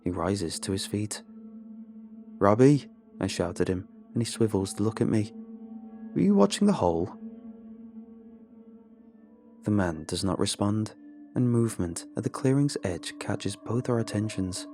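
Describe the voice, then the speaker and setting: A man narrating a first-person horror story in a grim, steady telling. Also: on the low side, moderate pace. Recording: narration over music.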